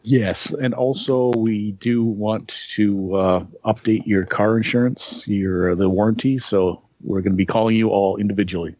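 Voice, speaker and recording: A man hosting a podcast in casual chat, joking dryly and pausing on fillers. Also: lowish voice, steady tone, darkish tone, no echo. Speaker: podcast host.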